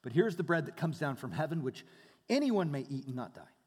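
Man preaching, swings from hushed to loud, slightly high voice, big echoey hall. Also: sing-song, brisk, slightly rough. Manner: dynamic preaching, dropping to hushed tones then rising loud. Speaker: pastor. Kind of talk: sermon. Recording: long hall reverb.

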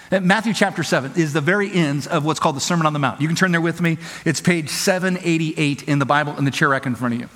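Male pastor, high-pitched, casual and playful delivery, echoing sanctuary. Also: a bit bright. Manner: conversational, playful, acts out quick quoted voices. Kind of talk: sermon. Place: church auditorium.

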